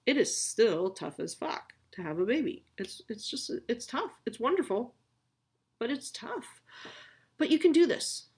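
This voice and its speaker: A woman's voice: a little high, very animated, measured pace, a little mellow, breathy edge. A woman in her thirties hosting a podcast, giving a candid, swearing, self-mocking pep talk to new mothers. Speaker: podcast host.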